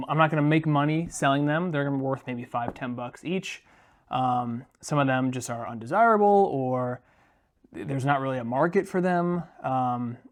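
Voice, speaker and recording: A man chatting casually in a talking-head board game vlog, relaxed and unscripted with frequent ums. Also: on the high side. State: briefly out of breath after carrying boxes. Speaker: board game video creator.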